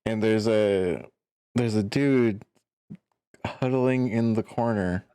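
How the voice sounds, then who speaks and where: A man narrating as game master, halting and relaxed. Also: fairly low pitch, smooth, no room sound.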